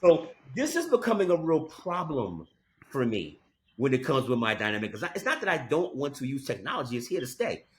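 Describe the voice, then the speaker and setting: A man's voice: mid-range voice, wildly swooping pitch, fairly quick. A man co-hosting a podcast in casual chat, telling a story with emphatic "okay?" asides. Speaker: podcast co-host.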